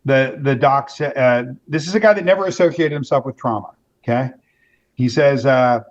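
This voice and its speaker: A man in an interview, telling a story with lots of animation, jumping into quoted voices and catching himself mid-sentence. His voice sits at an ordinary middle pitch. The sound is a bit dull and lo-fi. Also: normal speed. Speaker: author and interview guest.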